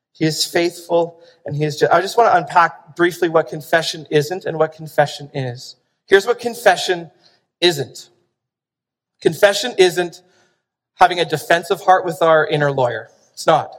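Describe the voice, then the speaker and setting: A man preaching a sermon as pastor, animated and emphatic, pressing points with rhetorical questions. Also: a little high, normal speed. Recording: long reverb of a large hall.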